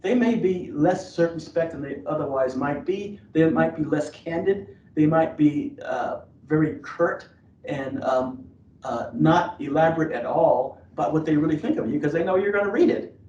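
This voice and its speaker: A man with a fairly high voice gives earnest, advisory guidance, stumbling through fillers and restarts as he goes. He sounds set back from the mic in an echoey room. The audio is dull and lo-fi. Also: moderate pace, a little mellow. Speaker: admissions officer. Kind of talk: webinar presentation. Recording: roomy, distant, dull lo-fi webinar audio.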